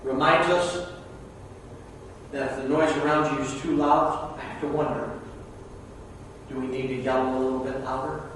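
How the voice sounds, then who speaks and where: A male pastor preaching a sermon, moving between hushed and loud, emphatic delivery, recorded from far off in an echoey church hall. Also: mid-range voice, steady tone, normal speed, long pauses, slight background noise.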